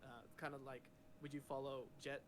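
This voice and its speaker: A podcast host asking questions in a hesitant way, with many fillers. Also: male voice, mid-range voice, completely flat delivery, a little fast. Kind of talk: casual podcast chat. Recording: noisy background hum.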